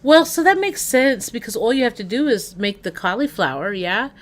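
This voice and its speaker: A woman's voice: fairly high pitch, sing-song, moderate pace. A woman livestreaming in casual chat, rambling and talking straight to her viewers. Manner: rambling, chatty, addresses chat directly.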